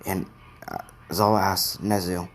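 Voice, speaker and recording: A man's voice: deep voice, level tone, normal speed, a little hiss or hum. A man narrating an improvised fan story in a rambling way, with many restarts.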